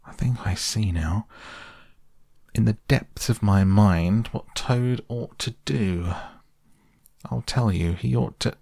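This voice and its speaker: Man voicing a fretful male water rat, earnest, husky, dry, storybook reading. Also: lowish voice, slow pace, pauses often, warm tone, no room sound, voice pushed up, full character voice.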